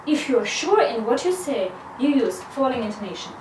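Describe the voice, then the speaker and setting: High-voiced woman teaching in an echoey room. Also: animated, a little mellow, slight background noise. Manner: slow, careful explanation with frequent "so". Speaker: English teacher. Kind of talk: video grammar lesson. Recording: echoey room, mic at a distance.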